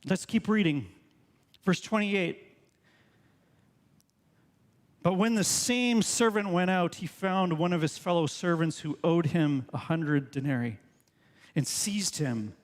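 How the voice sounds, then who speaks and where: A man's voice: sits high, slow pace, pauses often, in a large hall. A male pastor preaching a sermon in a conversational way, full of rhetorical questions. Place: church sanctuary.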